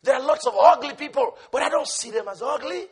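A man preaching a sermon with passion, swinging between shouted lines and hushed asides, and telling stories with a laugh. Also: very high-pitched, fast talker, slightly rough. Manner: impassioned, shouting bursts and sudden hushed asides; storytelling with laughter.

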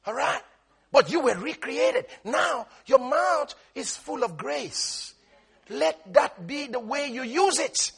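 A man preaching a sermon as pastor, emphatic and calling on his listeners to repeat after him, his delivery moving between shouting and quiet talk. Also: extremely high pitch, big pitch swings, takes it slowly, creaky. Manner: emphatic, calls on the congregation to repeat lines.

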